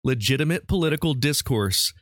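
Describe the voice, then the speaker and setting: A man's voice: mid-range voice, expressive, brisk, a bit bright, dry recording. A chatty man hosting a comedy quiz podcast, laughing easily and keeping the banter light. His voice sits in a middling register and sounds close and dry, with no room around it. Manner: laughing often, chatty and upbeat. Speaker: podcast host quizzing a guest. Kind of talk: casual comedic quiz chat.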